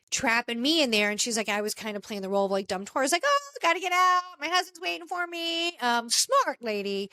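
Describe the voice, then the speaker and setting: A woman's voice: medium pitch, no room sound. A woman podcast co-host casually retelling a story, quoting people as she goes, with frequent restarts. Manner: animated retelling with quoted voices and restarts.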